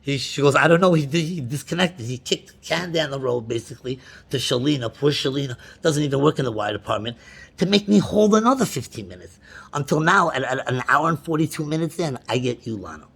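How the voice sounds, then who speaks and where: A man's voice: mid-range voice, expressive, brisk, creaky, a bit bright, breathy edge. A man on a phone call, complaining at length about a bank with frustrated, repetitive restarts and sudden outbursts. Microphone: phone call recording.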